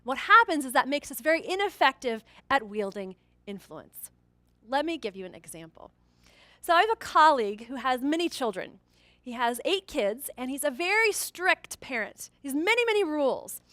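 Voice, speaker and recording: A woman delivers a training keynote with a lively, swooping delivery, jumping into the voices of the people in her story. Her voice sits high and sounds bright. It comes across dry and close, with no room sound. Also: normal speed, no echo. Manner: animated storyteller acting out quoted characters. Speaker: corporate trainer and keynote speaker.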